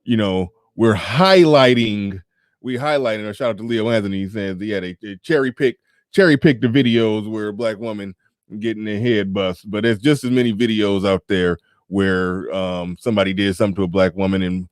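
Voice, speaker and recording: A man's voice: on the low side, normal speed, dry recording, studio quality. A man hosting a casual livestream, talking bluntly and profanely with laughs and sarcastic asides while reading viewer super chats. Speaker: livestream show host.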